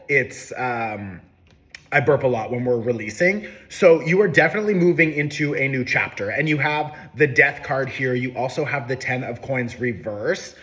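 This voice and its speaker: A man's voice: mid-range voice, a bit bright. A man giving a casual, upbeat horoscope and tarot reading, talking loosely with plenty of fillers. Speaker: tarot reader.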